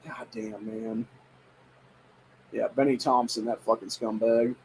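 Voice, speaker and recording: A man's voice: medium pitch, fairly even intonation, slow, a little mellow, slight background noise, poor audio. A young man from Ohio hosting a political podcast, reading headlines aloud and reacting with heated, profane rants. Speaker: podcast host. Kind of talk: casual political commentary.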